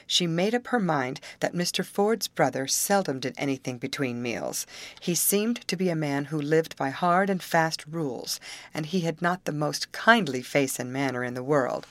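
A woman with a notably low voice narrates an old novel in a steady storytelling manner. The recording is dry and close, with no room sound around her. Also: dry recording. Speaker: audiobook narrator.

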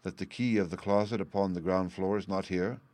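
A man's voice: deep voice, steady tone, brisk, darkish tone, no room sound, close to an everyday voice. A man voicing Bluebeard, a stern, menacing husband who speaks in an accusing way. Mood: demanding.

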